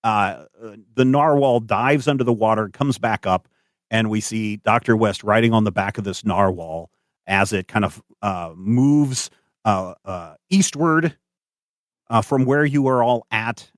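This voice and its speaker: A man narrating as game master of a tabletop game, animated and hesitant with many fillers. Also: on the low side, unhurried, no room sound, clean studio sound.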